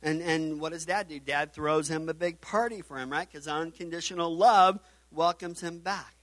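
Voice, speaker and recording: A man's voice: a little high, moderate pace, fairly bright tone, no room sound. A man preaching a sermon in a conversational way, often repeating words and asking "right?" as he goes. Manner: conversational preaching with frequent "right?" tags and stammered restarts. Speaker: pastor.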